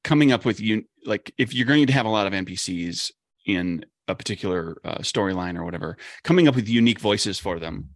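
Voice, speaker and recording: A game designer on a discussion panel talks casually in a fairly low, animated voice, speaking a little fast. He rambles, leaning heavily on "like" and restarting his sentences, and the recording is dry and studio quality.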